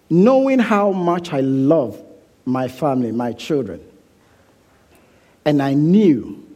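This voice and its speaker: A preacher delivers his sermon at an unhurried pace, his voice husky and mellow. His pitch moves freely as he stresses key points and repeats phrases for weight. In prayer he sinks to a quiet hush. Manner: soft, hushed prayer.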